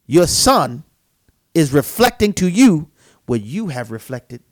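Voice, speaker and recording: A man's voice: a little high, very animated, slow. A man co-hosting a Christian talk show, speaking in an earnest, emphatic, preacherly way. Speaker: co-host. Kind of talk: Christian podcast conversation, preaching manner.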